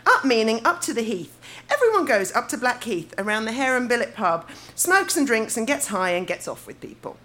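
A woman's voice: on the high side, sing-song, a little fast, sharp tone, slight background noise. A woman with a London accent reading her old teenage diary aloud on stage, playful and self-mocking, laughing through her lines. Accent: London English. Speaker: reader at a live show. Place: live venue stage.

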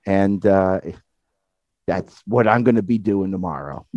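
A man's voice: low voice, unhurried, darkish tone, dry recording, lo-fi sound. A man co-hosting a podcast, easygoing and chatty. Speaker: podcast co-host. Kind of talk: casual chat.

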